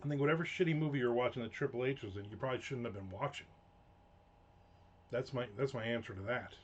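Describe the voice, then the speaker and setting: A man hosts a live stream from a home room, talking casually while writing and rambling through profane, chatty stories full of swearing. He speaks fast in a mid-range voice, and the recording sounds muffled.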